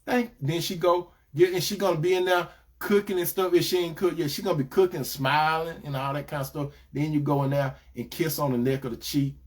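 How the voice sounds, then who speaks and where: Higher-voiced man preaching relationship advice. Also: fairly even intonation, brisk. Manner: repetitive, addresses listeners as brothers and sisters. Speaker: Christian relationship advice speaker. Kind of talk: preaching-style advice talk.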